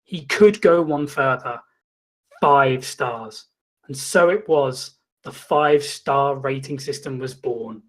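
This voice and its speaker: A man hosting a comedy show, reading a mock-documentary story in a deadpan, mock-dramatic way. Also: high-pitched. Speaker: comedy host. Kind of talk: mock-documentary comic narration.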